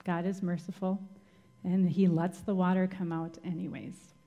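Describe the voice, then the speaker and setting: A woman's voice: on the low side, level tone, moderate pace, muffled recording. A woman giving a sermon as a Bible teacher, retelling scripture dramatically and asking the listeners rhetorical questions.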